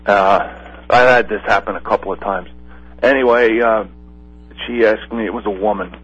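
A man calling in to a Christian talk radio show, telling a story in a rambling, halting way with many fillers. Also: on the low side, fairly even intonation, a bit bright, slightly rough, soft background music. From Pennsylvania. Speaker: caller. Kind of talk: call-in radio chat. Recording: dull lo-fi phone line.

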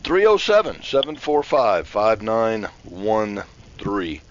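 A man's voice: on the low side, sing-song, background noise. A man hosting a call-in radio show, talking in a hesitant way full of fillers. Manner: hesitant, filler-heavy, slow. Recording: dull lo-fi broadcast audio.

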